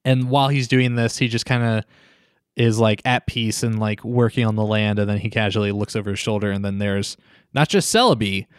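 A man's voice: on the low side, fairly quick, clear, resonant tone, dry recording, studio quality. Rambling man, lots of "like". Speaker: podcast co-host. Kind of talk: casual movie recap chat.

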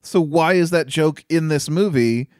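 A man's voice: fairly high pitch, a little slow, darkish tone, clean tone, dry recording, clean studio sound. A man co-hosting a casual film review chat, chatty and incredulous, often laughing. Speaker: podcast co-host reviewing a film.

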